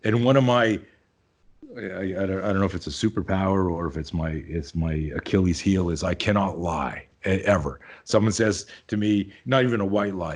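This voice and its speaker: Man in his fifties, very deep voice, husky, animated storyteller, swears freely. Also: moderate pace. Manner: animated anecdote-telling, swears freely, acts out dialogue. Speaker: self-defense teacher, guest. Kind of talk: podcast interview storytelling.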